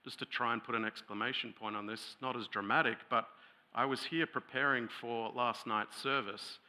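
A male pastor delivers a sermon in a loose, conversational way, full of asides and restarts. His voice is very bright and forward, and it sits at an ordinary pitch for a man. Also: steady tone, moderate pace. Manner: storytelling, growing loud and heated when retelling an angry scene; conversational with many fillers and restarts.

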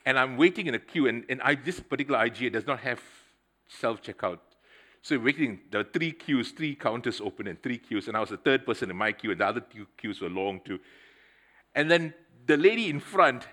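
A middle-aged man preaching a sermon, telling a personal story in a conversational, animated way and speaking straight to the congregation. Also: medium pitch. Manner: conversational, addresses the congregation directly; animated storytelling with swings in loudness.

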